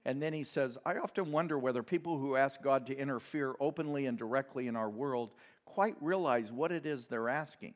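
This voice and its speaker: A man's voice: mid-range voice, fairly quick, few pauses. A man preaching a sermon in a conversational way, with asides and light laughter. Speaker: pastor.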